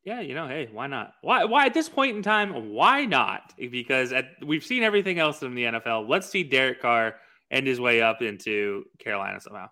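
A young man with a bright, forward voice chats in a laid-back way as a sports podcast co-host. He jokes around and fills the gaps with "uh" and "you know.". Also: mid-range voice, big pitch swings, fairly quick, few pauses. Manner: laid-back, filler-heavy, jokey. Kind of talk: casual sports chat with ad reads.

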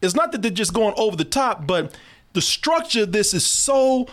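A man with a strikingly high voice reviews a film in loose, chatty talk. He is animated and profane, laughs often and keeps calling out to his listeners as "people". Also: moderate pace. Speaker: movie reviewer co-host. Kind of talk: casual movie review chat.

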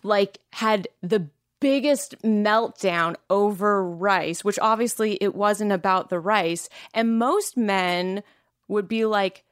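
A woman's voice: medium pitch, a little slow, no room sound, studio quality. A woman in her thirties, from Canada, talking candidly as a podcast guest, laughing often and using many filler "like"s. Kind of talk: casual interview chat.

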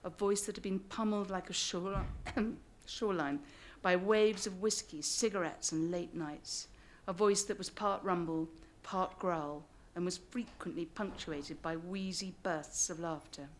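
A woman's voice: on the low side, steady tone, measured pace, few pauses, slight background noise. An English woman reading her memoir aloud to a live audience, with wry joking asides between passages. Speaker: author.

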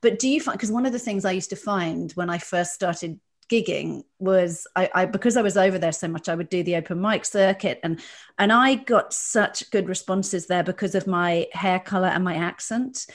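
A woman's voice: lowish voice, moderate pace. Woman comic host, chatty. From Ireland. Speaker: comedian host. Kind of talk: casual interview chat.

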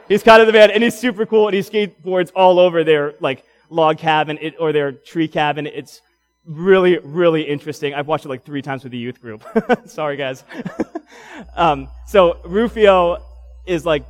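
A man's voice: on the high side, normal speed, soft background music. A young man preaching a sermon in a church, telling stories casually and laughing often. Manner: casual, animated storytelling with laughs. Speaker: pastor.

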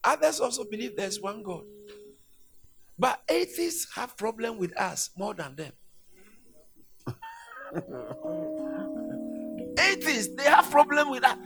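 A man preaching a sermon, emphatic and repetitive, swinging from hushed lines to shouts. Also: very high-pitched, big pitch swings, moderate pace, creaky, soft background music.

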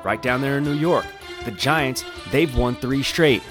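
Man, sports co-host, playful joking recap, music clearly underneath. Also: medium pitch, measured pace. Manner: playful, jokey delivery. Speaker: podcast co-host.

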